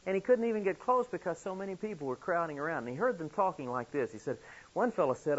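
A man preaching a sermon, telling a story earnestly, with sudden emphatic rises in pitch. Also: expressive, quick pace, breathy edge. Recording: dull lo-fi recording.

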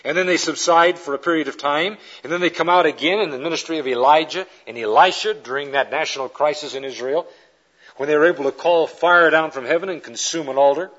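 Male preacher, fairly high husky voice, animated storyteller, dull old recording. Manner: animated storyteller acting out quoted characters. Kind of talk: lecture-style sermon with illustrations.

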